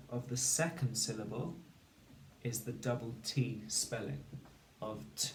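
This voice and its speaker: A man teaching a phonics lesson, slowly and carefully sounding out each word for young learners. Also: mid-range voice, slight background noise. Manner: slow, deliberate, sounding out words. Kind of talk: recorded spelling lesson. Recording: echoey room, mic at a distance.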